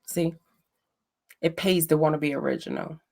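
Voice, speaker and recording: Blunt gravelly woman chatting. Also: deep voice, huge pitch swings, normal speed, darkish tone. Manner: blunt, profane, roasting a chat troll. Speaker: livestream host. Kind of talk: casual livestream chat.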